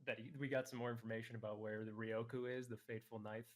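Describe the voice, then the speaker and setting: A man's voice: medium pitch, flat delivery, fast talker. A man playing a tabletop game, joking with the group. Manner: joking, laughing. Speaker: player. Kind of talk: casual game chat.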